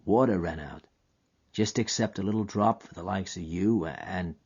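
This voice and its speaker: A man voicing a weary, gentle old frontiersman who talks in a drawling frontier dialect, in a lo-fi recording. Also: sits low, moderate pace, breathy edge. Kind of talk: audio drama acting. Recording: dull lo-fi recording.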